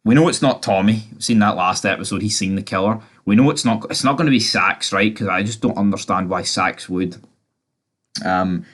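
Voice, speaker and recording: A man's voice: lowish voice, moderate pace, fairly bright tone. Chatty man recapping TV. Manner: chatty, swearing, filler-heavy storytelling. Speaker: TV series reviewer. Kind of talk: casual episode recap and review.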